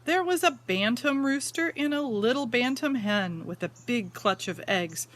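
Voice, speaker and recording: A woman teacher with a fairly high voice reads a picture book to little children. She takes her time and lets her pitch swing up and down in a sing-song way, pausing often to ask questions. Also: animated. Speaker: teacher reading aloud to young students.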